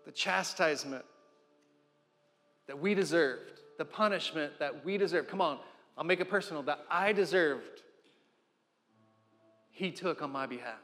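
A preacher with a high voice delivers an impassioned sermon, swinging from loud declarations to hushed near-whispers. He often repeats and restarts words as he builds. His voice rings with long reverb over faint music. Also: measured pace, pauses often.

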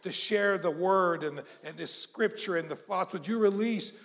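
A man from South Mississippi, preaching a sermon and leading the congregation in call-and-response, moving between hushed prayer and shouting. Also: high-pitched, moderate pace. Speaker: pastor. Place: church hall. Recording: long church-hall reverb.

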